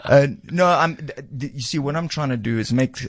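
A man in a radio studio talking earnestly about his comedy work, with quick restarts. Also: mid-range voice, no echo. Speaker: ventriloquist comedian, studio guest.

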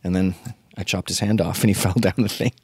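A man's voice: deep voice, steady tone, fairly quick, darkish tone, slightly rough, dry recording, clean studio sound. A man in his fifties ranting in a casual comedy monologue, profane and opinionated. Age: 50s.

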